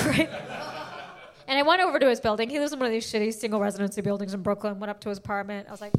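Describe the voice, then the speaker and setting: High-voiced woman doing stand-up. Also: quick pace. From India. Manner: animated storytelling, rising into exclaimed punchlines. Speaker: stand-up comedian. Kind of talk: stand-up comedy set. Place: comedy club stage. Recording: noisy club recording.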